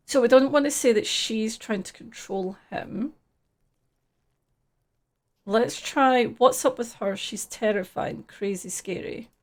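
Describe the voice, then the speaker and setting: A woman's voice: fairly high pitch, slow pace, long pauses. A woman casually reading game text aloud and chatting through a live gameplay stream, swearing freely.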